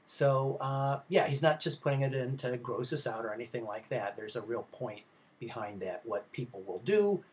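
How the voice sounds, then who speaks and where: A man giving a recorded film history lecture at an ordinary middle pitch. He rambles through his points in a casual, unscripted way, full of hesitations and restarts. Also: a little mellow.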